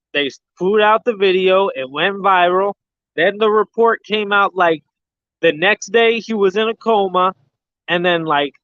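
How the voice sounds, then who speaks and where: Male stream host, slightly high voice, loose rambling chat, dull dry recording. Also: fairly bright tone, no room sound. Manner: rambling, lots of fillers and restarts. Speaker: host of a boxing livestream. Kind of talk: casual chat. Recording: dull lo-fi sound.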